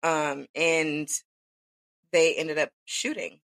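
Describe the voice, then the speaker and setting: A woman with a notably low voice, chatting supportively as a podcast co-host. The sound is close and dry, with no room echo. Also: steady tone, drawn-out words, a bit bright. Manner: supportive, conversational, with frequent "like". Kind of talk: casual podcast chat.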